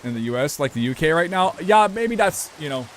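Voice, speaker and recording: A man's voice: on the high side, expressive, fairly quick, slight background noise. Profane young man chatting on stream. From United States. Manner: rambling, loose and profane, talks to chat. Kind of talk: casual live-stream chat while gaming.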